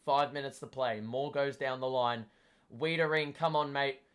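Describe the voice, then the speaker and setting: A young man, hoarse from shouting, gives a live fan commentary of a football match, swearing and yelling at the play. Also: mid-range voice, fairly even intonation, normal speed. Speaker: watchalong host.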